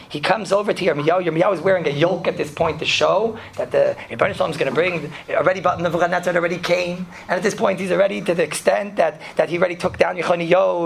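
A rabbi teaches students in a relaxed, chatty lesson, telling lively stories and laughing as he goes. His voice sits high for a man, with a gravelly fry. Hebrew and Yiddish terms run through his talk. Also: a little hiss or hum. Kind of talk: casual Torah lesson with stories.

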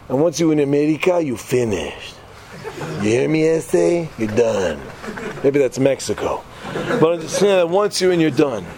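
A man giving an informal religious talk, an animated and chatty storyteller who drops joking asides between his points. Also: a little high. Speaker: Torah teacher.

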